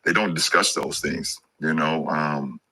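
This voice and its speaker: Very deep-voiced man, halting podcast talk. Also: steady tone, pushed and bright. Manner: halting, restarts often.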